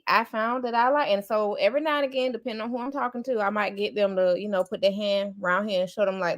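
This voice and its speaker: A woman's voice: medium pitch, steady tone, quick pace. Candid woman host in casual chat. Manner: candid, laughs easily. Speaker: podcast host.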